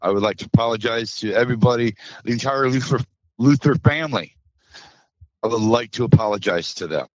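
Tearful man, halting apology, dry sound. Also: medium pitch, no echo, rough recording. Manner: halting, apologetic, many restarts. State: close to tears. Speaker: interview guest, former truck driver. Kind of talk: emotional interview.

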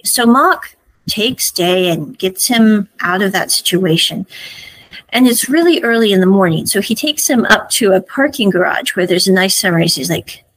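A woman's voice: fairly high pitch, low-quality recording. A woman hosting a podcast, recapping a series episode in a chatty, opinionated way. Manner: chatty and opinionated, full of "I'm like". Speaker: podcast host.

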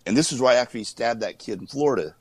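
A man, a former wrestler, telling stories in a casual interview, animated and laughing often while he acts out what people said. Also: medium pitch, racing, no echo, low-quality recording.

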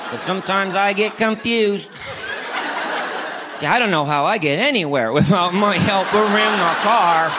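High-voiced man doing stand-up, crowd laughing. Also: big-room sound, background noise. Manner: acts out both sides of marital bickering, big comic outbursts. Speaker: stand-up comedian. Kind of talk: stand-up comedy routine. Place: stage before a live audience. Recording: live club recording with crowd laughter.

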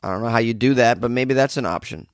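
A hungover man hosting a podcast, reading odd news stories with rambling, sarcastic commentary and low energy. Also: fast talker, dry recording, clean studio sound. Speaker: podcast host.

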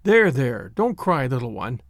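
A man voicing a soothing, fatherly suitor who speaks gently and a little haltingly. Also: sits high, very animated, no echo, clean studio sound.

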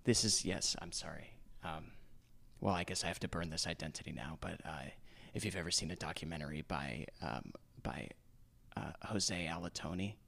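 A man doing a low, gravelly deadpan undercover reporter. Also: heavily acted. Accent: New York. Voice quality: vocal fry. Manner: deadpan, halting, with restarts. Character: secretive deadpan undercover journalist man, cagey. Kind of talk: improvised comedy podcast.

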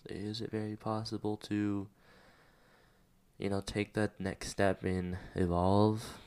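A man's voice: fairly low pitch, little pitch movement, takes it slowly, darkish tone, smooth. A man hosting a personal podcast, talking candidly and emotionally about his struggles, rambling with many fillers and near tears. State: close to tears. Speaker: podcast host. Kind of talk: personal reflective monologue.

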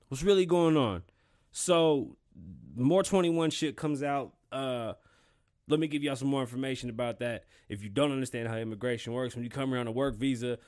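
A man's voice: on the low side, a little mellow. Laid-back, foul-mouthed male podcast host. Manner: loose, profane, rambling street talk. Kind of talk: casual solo podcast monologue.

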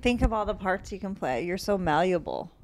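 A woman with an ordinary middle-pitched voice hosts a podcast with brash, crude humor. She laughs often and fires off blunt jokes in loose banter. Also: animated, brisk, a little mellow. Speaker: podcast host. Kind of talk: casual chat.

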